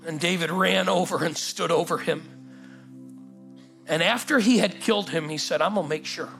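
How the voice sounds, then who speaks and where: A man preaches in a church auditorium, his voice sitting a bit high. He drives the story with energy, acting out the scenes in voices. Music plays clearly behind him. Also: moderate pace. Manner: animated, acts out the story in voices, calls "come on". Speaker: pastor. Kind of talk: sermon.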